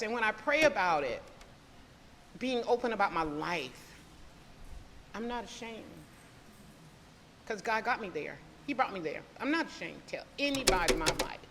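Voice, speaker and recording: A woman's voice: fairly high pitch, a bit bright, long reverb tail, a little hiss or hum. A woman giving an earnest, emotional devotional talk in a casual, preacherly way, often asking her listeners questions. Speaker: devotional speaker.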